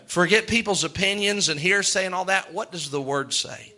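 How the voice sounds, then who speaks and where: A man preaching a sermon, chanting long lists in a slow rhythmic litany and chuckling between points. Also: high voice, bright, forceful tone.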